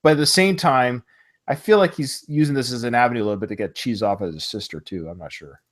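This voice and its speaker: A man's voice: mid-range voice, fast. A man co-hosting a podcast over a remote call, casually retelling film scenes and quoting the characters. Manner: animated, quotes movie lines in retelling. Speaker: podcast co-host.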